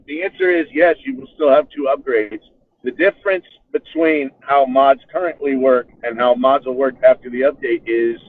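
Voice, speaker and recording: A man on a live Q&A calmly explaining a game rule step by step. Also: mid-range voice. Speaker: panelist. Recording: tinny phone-like call audio.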